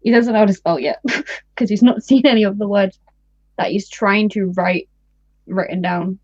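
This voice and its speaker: A woman's voice: mid-range voice, moderate pace, a little mellow, dry recording, dull audio. A woman player chatting casually and giggly at a game table.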